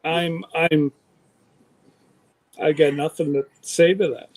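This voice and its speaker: A man's voice: fairly high pitch, steady tone, takes it slowly. A man co-hosting a casual chat, dropping short, dry quips. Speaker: podcast co-host.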